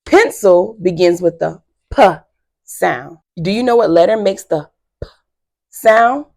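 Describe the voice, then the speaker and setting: A woman teacher giving a phonics lesson to young children, slow and encouraging with frequent praise. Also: lowish voice, expressive, vocal fry, darkish tone.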